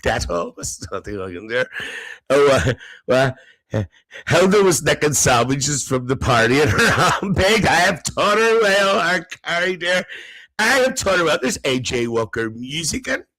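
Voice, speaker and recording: A man's voice: sing-song, moderate pace, bright, forceful tone, heavily acted, poor audio. Man doing a cheeky gossiping older auntie. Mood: gossipy. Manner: chatty, teasing, laughs between lines, swoops into high squeals. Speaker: live-stream host. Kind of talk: live comedy character stream.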